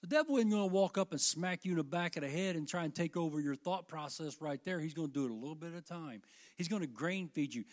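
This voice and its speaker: A man's voice: fairly high pitch, quick pace. An older man preaching a sermon to his congregation, with fervent delivery that rises and falls. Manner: fervent, rising and falling delivery.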